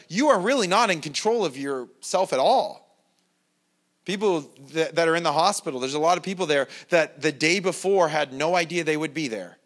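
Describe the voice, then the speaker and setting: A man's voice: high voice, fairly bright tone. A male pastor preaching a sermon in a conversational, self-deprecating way, with mocking asides. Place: church.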